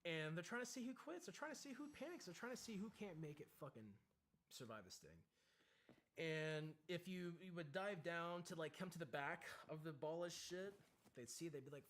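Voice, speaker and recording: A man, a military veteran, telling a candid story with intense, profane emphasis and acting out shouted lines as he goes. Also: on the high side, lively intonation, a little fast, slight background noise. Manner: acts out shouted quotes in the story.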